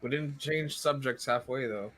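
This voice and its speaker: A man's voice: mid-range voice, normal speed, fairly bright tone, soft background music. A man chatting casually while gaming with friends, cracking crude jokes and teasing the others. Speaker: stream guest.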